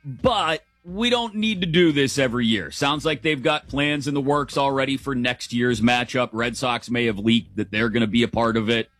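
A man's voice: mid-range voice, normal speed, a bit bright, no room sound, faint music behind. A middle-aged man hosting a morning sports talk show, chatty and opinionated, laughing as he goes, on a close studio mic. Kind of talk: casual sports radio commentary.

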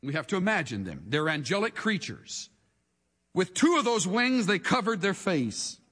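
A man preaching a sermon with dramatic delivery, moving from hushed lines to shouts. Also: high voice, very animated, normal speed, breathy edge, in a large hall. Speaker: pastor.

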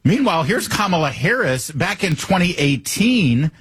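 A man's voice: a little high, sing-song, normal speed, fairly bright tone, slightly rough. A man hosting a political talk show, delivering a monologue with sarcastic asides.

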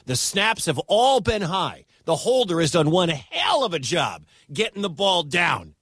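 A man calling live radio football play-by-play, excitable and quick to shout at big moments. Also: sits high, husky, no echo, studio quality. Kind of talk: live radio sports commentary.

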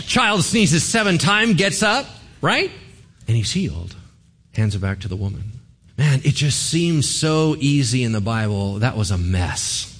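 A man's voice: medium pitch, a bit bright. A man, a pastor, giving a sermon in a conversational, joking way, often asking the congregation questions.

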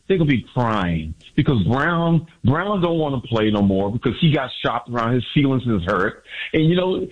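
Excited male caller on a muffled line. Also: a little high. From Miami. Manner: exuberant, repetitive, boastful. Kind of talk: excited sports call-in.

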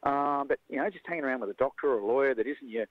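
An Australian man who coaches jiu-jitsu, talking in a lively, casual way and acting out the voices of people in his stories. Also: mid-range voice, racing, no room sound, phone-quality sound. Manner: animated storyteller, acts out quoted voices. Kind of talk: casual conversation.

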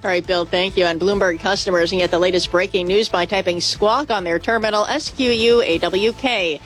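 A woman's voice: medium pitch, fairly even intonation, fairly quick, soft background music. Woman anchor reading news chattily. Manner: chatty, lightly emphatic.

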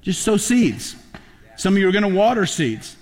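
A man's voice: sits high, moderate pace. A man preaching a sermon as pastor, telling stories and building to emphatic peaks. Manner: animated storytelling preacher, rising to emphatic peaks. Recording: long hall reverb.

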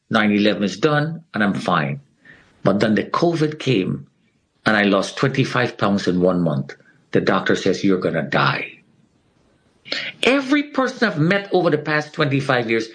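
A man's voice: medium pitch, big pitch swings, normal speed, fairly bright tone, slightly rough, rough recording. A middle-aged man telling his survival story with earnest feeling, acting out the people he quotes. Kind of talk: emotional personal testimony.

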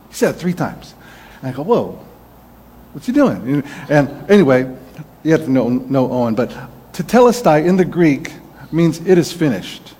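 A pastor preaching a Sunday sermon in a casual storytelling manner, with small restarts. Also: male voice, fairly high pitch, a little mellow.

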